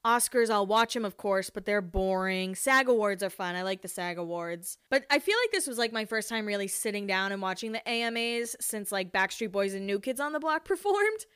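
A woman's voice: medium pitch, animated, fairly quick, few pauses, fairly bright tone, clean tone, no room sound, studio quality. A woman in her late twenties, telling stories in casual chat, candid and laughing easily, with frequent swearing. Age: 20s. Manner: chatty and candid, swears freely, laughs often. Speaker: podcast host.

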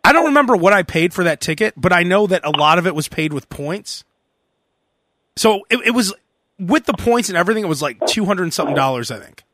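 A fast-talking podcast host with a high voice tells a casual story, laughing a lot. He's animated and acts out the voices of the people in his tale.

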